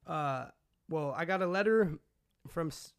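A man from California tells his story in a loose, rambling way, swearing constantly and dropping slang as he goes. His voice sits a little high for a man. It is an interview, and he is the guest. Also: a little slow, clear, resonant tone. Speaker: guest recounting his past. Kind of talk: casual storytelling.

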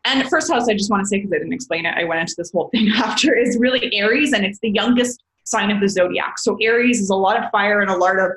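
A woman's voice: medium pitch, fast talker, few pauses, a bit bright, echoey room, low-quality recording. A woman explaining astrology in a casual, rambling way, often correcting herself as a podcast guest. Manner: rambling, self-correcting, chatty, calls listener babes.

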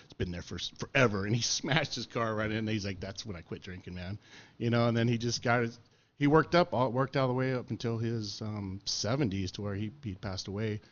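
A man telling stories in casual chat, animated and laughing, acting out what others said and often saying dude and man. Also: on the low side, fairly quick. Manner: animated storyteller, says dude and man a lot, laughs, acts out quotes. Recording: dull lo-fi sound.

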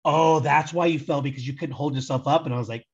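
Young American guy, guest storyteller, casual and rambling, husky tone, muffled call line. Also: fairly high pitch, fast talker. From United States. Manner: rambling, animated, heavy use of "like". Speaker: guest, soccer super fan.

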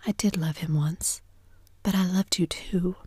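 Whispered role-play: a fraught young society wife, whispered by a woman, breathy and low. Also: steady tone, unhurried, mellow, no room sound. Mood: pleading.

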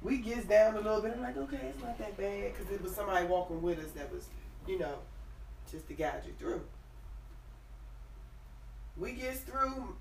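A woman's voice: mid-range voice, animated, normal speed, pauses often, a little mellow, slight background noise. A woman in her twenties telling a funny personal story in casual, profane chat, often laughing. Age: 20s.

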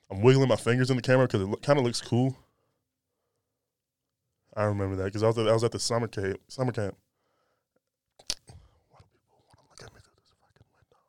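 A man's voice: medium pitch, steady tone, fast, darkish tone, clear, resonant tone, no room sound, studio quality. Joking, rambling male podcast host. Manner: loose, joking, profane, rambling. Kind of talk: casual solo podcast. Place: indoors by a window. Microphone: podcast mic.

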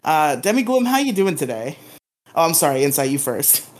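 A man's voice: a little high, big pitch swings, brisk. A man hosting a podcast in casual chat, joking and laughing often. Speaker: podcast host.

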